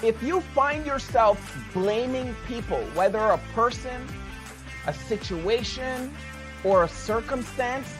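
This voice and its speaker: A man's voice: extremely high pitch, slow, over music. A man giving a motivational lesson on money as a financial educator, talking emphatically, repeating his key points and tagging on rhetorical questions.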